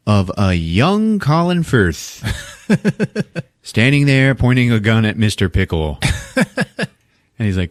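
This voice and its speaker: A man hosting a podcast, casually recapping a movie as an animated storyteller who laughs often and swears freely. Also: lowish voice, dry recording, studio quality. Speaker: podcast host.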